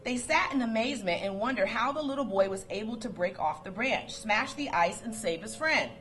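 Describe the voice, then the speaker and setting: A woman with a fairly high voice gives a lively motivational talk to her coworkers. She tells stories, quotes sayings and laughs between them. Faint music plays underneath. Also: a little fast. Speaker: motivational speaker.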